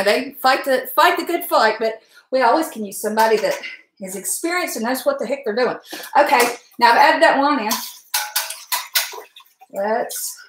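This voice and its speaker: A woman's voice: a little high, fairly bright tone, roomy sound, slight background noise, low-quality recording. A woman hosting a live cooking stream, chatty and folksy, greeting viewers and laughing often. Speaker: cooking livestream host. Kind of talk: casual live cooking demo. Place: home kitchen.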